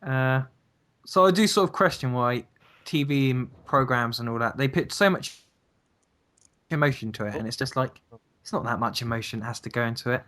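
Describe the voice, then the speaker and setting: Here a young man co-hosting a relaxed podcast muses in a wandering, hesitant manner, heard through a computer microphone on a voice call. He has a mid-range voice, a normal speed, and a fairly bright tone.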